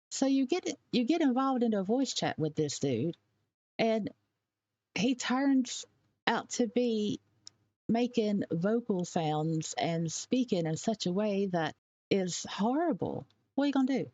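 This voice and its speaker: A woman giving blunt, opinionated commentary and stressing her points hard, with sharp rises on key words. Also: medium pitch, very animated, a little slow, no echo, muffled recording. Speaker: commentary vlogger.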